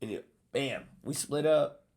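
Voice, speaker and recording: A man casually telling a story, animated and profane, acting out what people said. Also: mid-range voice, measured pace. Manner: animated, profane, acts out quotes.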